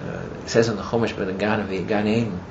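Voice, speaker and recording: A man teaching a class as he retells a story, rambling and filling his talk with "you know", and growing animated as the story builds. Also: fairly low pitch, fast. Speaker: religious teacher. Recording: muffled with steady background noise.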